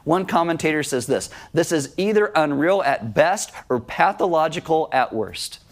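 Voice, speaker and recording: A man delivers a sermon to his congregation, speaking in a conversational, self-deprecating way. His voice sits a bit on the high side for a man. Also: animated, moderate pace. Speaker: pastor.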